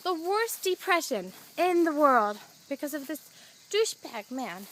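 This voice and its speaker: Bright high-voiced teenage girl venting. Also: big pitch swings, measured pace, a little hiss or hum. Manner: chatty, swears often, relays events as back-and-forth dialogue. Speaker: vlogger. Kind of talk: venting storytime to camera. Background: roosters crowing faintly outside.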